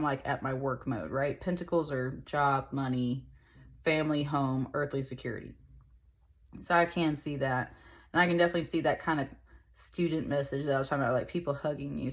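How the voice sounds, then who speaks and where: A woman giving a casual tarot reading, chatty and rambling, with lots of fillers. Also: low-pitched. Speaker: tarot reader.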